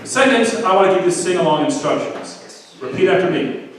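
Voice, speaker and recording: A man's voice: high voice, expressive, moderate pace, fairly bright tone. A man leading a crowd at a community assembly, giving playful sing-along instructions with a joking, self-mocking manner. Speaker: song leader at an assembly. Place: large hall at a community assembly. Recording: echoey hall from far off.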